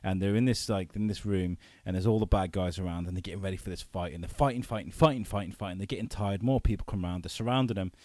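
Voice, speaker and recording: A man talking as a guest on a podcast, telling stories in an animated way, acting out quotes and swearing freely. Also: low-pitched, quick pace, few pauses, no room sound. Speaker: filmmaker guest. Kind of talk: casual podcast chat.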